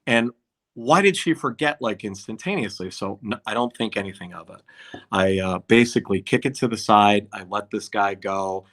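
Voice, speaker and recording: A man's voice: lowish voice, normal speed. A man, a concert promoter, telling anecdotes in a casual podcast chat and acting out what others said. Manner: animated anecdote-telling, acts out quotes.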